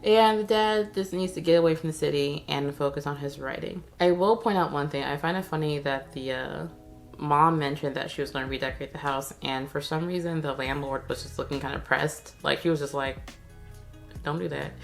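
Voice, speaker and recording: A woman vlogger recaps a TV episode in a loose, sarcastic, slang-heavy way. Her voice sits a little low and drags into a gravelly fry. Faint music plays underneath. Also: fairly even intonation, brisk. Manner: sarcastic, chatty, slangy commentary. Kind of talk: casual spoken episode recap.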